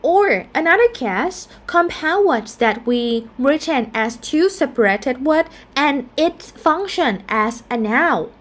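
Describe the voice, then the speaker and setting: Slow, careful woman teaching pronunciation. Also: sits high, expressive. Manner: slow and careful, repeats each example word. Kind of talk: explaining a phonetics lesson.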